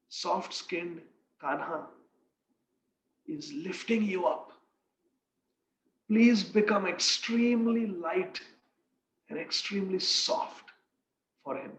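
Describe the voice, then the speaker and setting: A man's voice: high voice, very slow, long pauses, fairly bright tone, exaggerated voice. A man voicing an anxious, loving mother who pleads for her young son, told as part of a devotional story. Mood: pleading. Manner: pleading, tender. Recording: echoey room, dull lo-fi sound.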